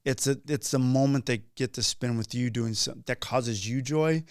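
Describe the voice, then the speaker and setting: A man's voice: mid-range voice, moderate pace, clean tone, no echo. Male podcast host, mid-range voice, dry close sound, loose and rambling delivery. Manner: rambling, with frequent restarts and fillers. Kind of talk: casual chat.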